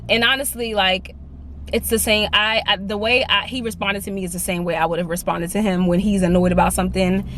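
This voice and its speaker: Brief: young woman vlogger, everyday mid pitch, chatty aside talk filmed on a phone in her car. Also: fairly quick, a little hiss or hum. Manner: chatty and animated, says "like" a lot. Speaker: lifestyle vlogger. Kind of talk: casual vlog chat. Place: in her car, then out on a walk.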